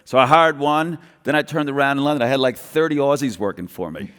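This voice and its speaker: A middle-aged man with a Brooklyn New York accent, telling his business story on a conference stage in an animated way, acting out other people's lines and restarting his sentences quickly. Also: medium pitch, smooth. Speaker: guest entrepreneur. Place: large event hall stage. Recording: reverberant conference hall.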